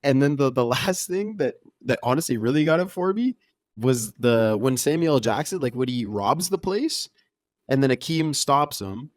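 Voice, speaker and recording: A man's voice: mid-range voice, lively intonation, normal speed, dry recording, clean studio sound. A young man co-hosting a podcast, chatting casually about a film, incredulous and laughing often, swearing freely. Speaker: podcast co-host.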